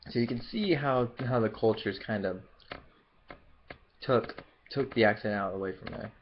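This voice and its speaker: At normal speed and fairly low pitch, a young man answers questions in a casual vlog, rambling with frequent fillers and restarts. The YouTuber is from Memphis in the Southern US yet shows no regional accent; the audio has its highs cut off and some faint background noise.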